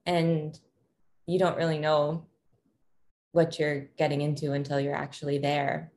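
A woman's voice: low-pitched, little pitch movement, slow, pauses often, a little mellow, a little hiss or hum. A woman in her thirties, a parent, talking thoughtfully and casually, with frequent ums and restarts. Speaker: parent sharing her experience. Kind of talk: reflective casual conversation.

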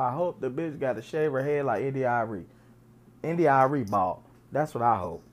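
Lively low-voiced woman ranting bluntly. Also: normal speed. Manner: blunt, heated, repetitive. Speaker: podcast host. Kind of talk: profane comedic rant.

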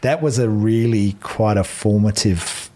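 An Australian man in his fifties, appearing as a podcast guest, speaks in a lowish, darkish voice at a slightly slow pace. He talks casually and reflectively, telling stories with frequent ums.

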